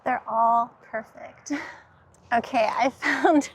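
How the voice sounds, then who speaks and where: Unhurried, high-pitched woman vlogger, enthusiastic and giggly, recorded outdoors on a handheld camera. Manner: gushing, enthusiastic, quick to laugh. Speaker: garden vlogger. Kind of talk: casual walk-through vlog. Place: outdoor garden center.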